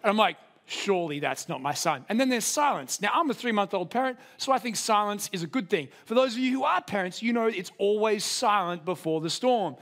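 A young man preaching a sermon. He tells a story with self-deprecating humor, in an animated way. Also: high voice, a little fast, hardly any pauses.

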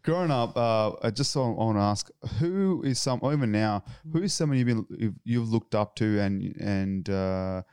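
A man's voice: lowish voice, expressive, normal speed, hardly any pauses, darkish tone, smooth, dry recording. A man, a podcast host who talks casually and hesitantly, often restarting sentences as he tells stories. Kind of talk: casual interview chat.

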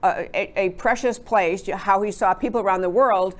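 A woman's voice: medium pitch, moderate pace. Chatty woman hosting a talk show. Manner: chatty, rambling asides. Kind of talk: conservative talk show monologue.

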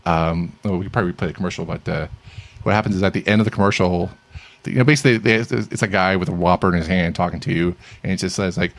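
A middle-aged man with a very low, gravelly voice talks through tech news in a loose, rambling way. He stumbles over restarts and fillers and laughs easily. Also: fairly even intonation, fast, dry recording. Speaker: podcast co-host. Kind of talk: casual tech news chat.

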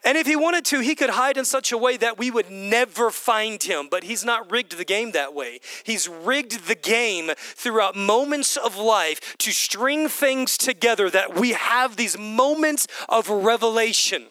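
A man preaching a sermon to his congregation, animated, swinging between loud bursts and hushed whispers. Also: high-pitched, unhurried, hardly any pauses, no room sound. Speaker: pastor. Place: church hall with congregation.

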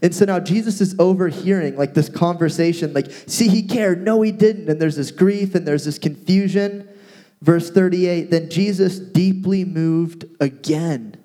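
A man co-hosting a casual talk, retelling a Bible story with playful asides and lively paraphrase. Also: on the high side, a little slow. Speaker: podcast co-host teaching from the Bible. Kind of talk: casual Bible teaching chat.

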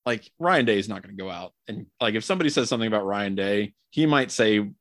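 A man's voice: on the low side, expressive, fast, a bit bright, no echo, studio quality. A man hosting a casual sports podcast, chatty and joking, rambling with many fillers. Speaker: podcast host.

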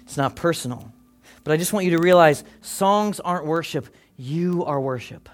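A man with a high voice preaching to a church congregation. He delivers an impassioned sermon, rising to loud calls and then dropping to hushed, almost whispered lines. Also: normal speed, soft background music. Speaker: pastor. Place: church service before a congregation.

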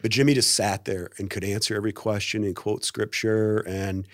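A man's voice: fairly low pitch, moderate pace, dry recording, clean studio sound. A middle-aged man, a pastor and guest, telling a personal story in a podcast interview and acting out the quotes. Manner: animated storyteller, acts out quotes.

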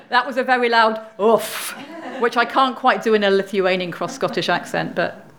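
A woman's voice: on the high side, steady tone, normal speed, a bit bright. Female worship leader, informal, talks with the congregation. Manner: informal, chatty address to the congregation. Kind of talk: leading a church service.

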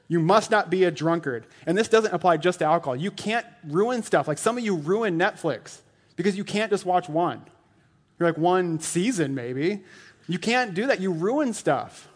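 A man in his thirties preaches in a loose, conversational way, packing his talk with "like" and chuckling at his own jokes. His voice sits a little high for a man. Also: animated, normal speed. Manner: chatty and joking, lots of "like", laughs at his own jokes. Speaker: lay elder preaching. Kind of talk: casual sermon.

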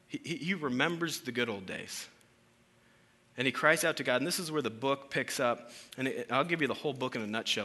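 Bright-voiced casual preacher, a man. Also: mid-range voice. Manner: casual, joking, conversational preaching with questions to the congregation. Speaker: pastor. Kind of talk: sermon.

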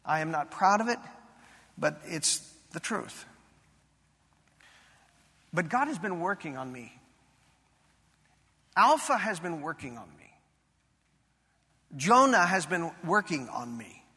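A man's voice: fairly high pitch, big pitch swings, slow pace, pauses often, sharp tone, breathy edge. A male pastor preaching a sermon, telling a personal story in an earnest, confessional way that builds to fervent emphasis, recorded in a church sanctuary. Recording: long reverb in a large hall.

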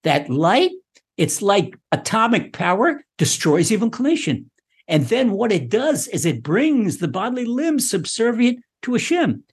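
A man teaching a Torah class, animated, often repeating words and acting out the speech he quotes. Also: high voice, moderate pace, husky.

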